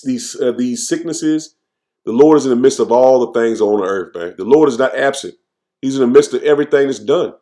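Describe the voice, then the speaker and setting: A man teaching scripture informally, tagging nearly every phrase with "man" and reading verses slowly with restarts. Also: mid-range voice, mellow. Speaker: preacher.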